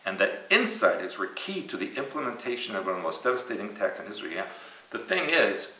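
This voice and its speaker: Animated joking man in an echoey room. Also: lowish voice, fast talker, distant mic, a little hiss or hum. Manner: joking, animated, teasing asides. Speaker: host. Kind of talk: casual news commentary.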